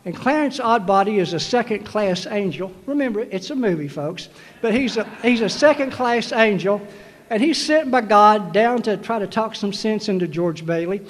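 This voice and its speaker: An animated man with a high voice and a moderate pace gives the graduation sermon, urging the class forward with emphatic, repeated phrases. The hall adds a long, lingering reverb.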